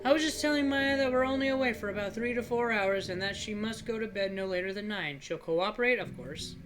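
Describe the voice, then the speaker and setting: A man's voice: high voice, a little fast, a bit bright, soft background music. A man playing a stern, sugary mother. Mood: sweetly stern. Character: stern, polished middle-aged mother.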